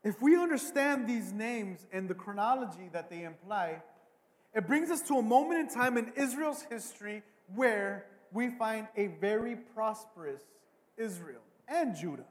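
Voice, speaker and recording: A man preaching a sermon as a pastor, swinging between hushed asides and loud, emphatic bursts, often repeating words. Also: high-pitched, animated, moderate pace, long reverb tail.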